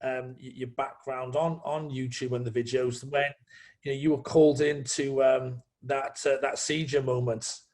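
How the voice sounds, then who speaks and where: A man asking a question in a hesitant, halting way. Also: mid-range voice, level tone, a little mellow. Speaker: interviewer.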